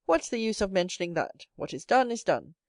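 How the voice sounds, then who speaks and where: A woman's voice: big pitch swings, fairly quick, darkish tone, no room sound. Female audiobook narrator, mid-range voice, dry booth sound, acts out each character. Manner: reads every character herself, lifting her pitch for the young hero. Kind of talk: scripted narration.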